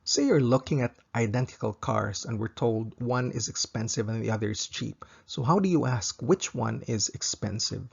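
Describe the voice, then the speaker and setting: Male language tutor: husky, gravelly, patient, repeats each phrase twice, dull lo-fi recording. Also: medium pitch. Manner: slow, careful, repeats each example twice for practice. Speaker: Japanese language teacher.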